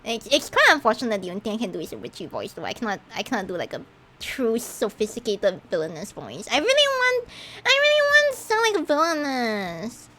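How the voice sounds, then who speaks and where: Lively, giggly woman streamer. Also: fairly high pitch, brisk. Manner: animated and giggly, with frequent stammered restarts. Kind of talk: casual gameplay commentary.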